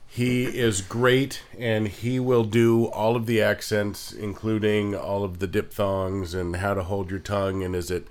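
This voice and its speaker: A man co-hosting a casual chat about accents, explaining at a measured pace with many ums. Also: lowish voice, flat delivery, a little mellow. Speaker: podcast co-host.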